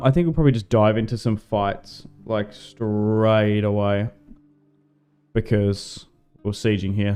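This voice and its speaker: An Australian man casually commentating a strategy game on a livestream, relaxed and chatty, swearing now and then. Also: lowish voice, smooth. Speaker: gaming livestreamer.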